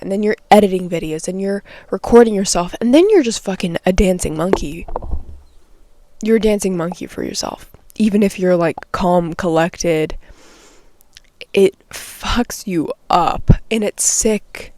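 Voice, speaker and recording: A woman's voice: mid-range voice, unhurried, dark tone, dry recording. A young woman vlogging straight to the camera from a small nook at home, ranting in a heated, rambling way and swearing often. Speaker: vlogger and artist. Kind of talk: unscripted morning vlog rant.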